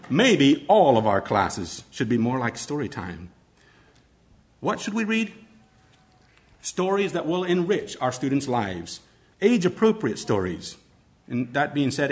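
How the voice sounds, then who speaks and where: Expressive man teaching storytelling. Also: medium pitch. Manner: expressive, demonstrative delivery. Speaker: teacher presenting to educators. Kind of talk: instructional talk on read-aloud storytelling.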